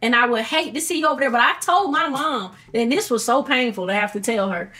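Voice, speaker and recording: Southern woman guest, higher-pitched, blunt and emphatic, salty language. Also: brisk, sharp tone. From Alabama, US. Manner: outspoken, emphatic, swears freely. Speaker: podcast guest. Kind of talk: casual conversation.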